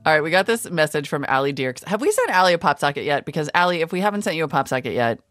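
A woman's voice: sits low, big pitch swings, racing, over music. A woman co-hosting a podcast, chatting enthusiastically and often interrupting herself. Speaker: podcast co-host. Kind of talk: casual chat.

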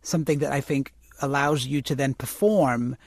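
A man's voice: mid-range voice, normal speed, no room sound. Male guest, reflective, stop-start phrasing, dry close sound. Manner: reflective, many restarts and "you know". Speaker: actor and author, interview guest. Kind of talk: conversational interview.

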